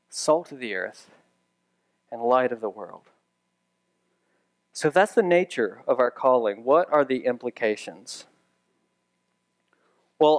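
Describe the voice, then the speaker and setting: A man preaching a sermon as pastor, conversational with dry humorous asides, building to emphatic raised repetitions. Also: medium pitch.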